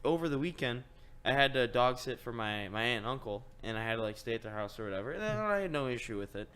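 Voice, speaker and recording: A man's voice: medium pitch, lively intonation, fast talker, fairly bright tone, smooth. Young man telling a rambling story. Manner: rambling storyteller, voice rises when retelling his own frustration. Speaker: podcast host. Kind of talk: casual chat.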